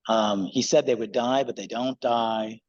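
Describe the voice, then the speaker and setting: A man's voice: mid-range voice, fairly even intonation, measured pace, highs cut off. A male pastor giving a casual, conversational sermon in a church, with loose fillers.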